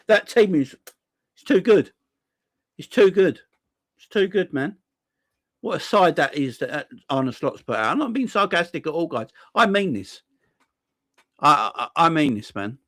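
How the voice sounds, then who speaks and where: A man's voice: high-pitched, fairly bright tone, no room sound. A man hosting a football fan channel, ranting sarcastically and repeating himself, with frequent swearing.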